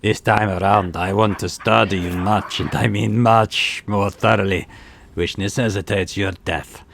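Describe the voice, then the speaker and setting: A man's voice: lowish voice, steady tone, gravelly, a bit bright, slight background noise. A man putting on a haughty alien clone-maker. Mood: disdainful. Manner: haughty, condescending, slow and measured. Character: arrogant, scornful alien male clone-maker scientist. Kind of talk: reading video game dialogue aloud.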